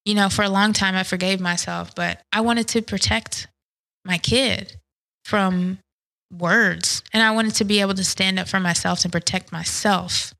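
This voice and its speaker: A woman in an interview, speaking candidly and reflectively about her past, often pausing and restarting her sentences. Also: medium pitch, fairly even intonation, creaky, a bit bright, low-quality recording. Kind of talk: personal testimony interview.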